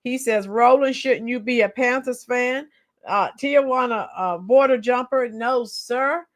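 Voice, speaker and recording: A woman's voice: a little high, a little slow. Chatty woman livestreamer. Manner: reads viewer comments aloud and chats with viewers. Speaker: livestream host. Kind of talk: casual livestream commentary.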